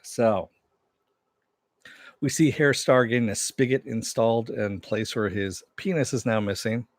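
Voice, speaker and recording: A man's voice: mid-range voice, a little slow, dry recording, clean studio sound. A man casually recapping and reviewing a TV episode, rambling with many fillers and restarts. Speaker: TV show reviewer.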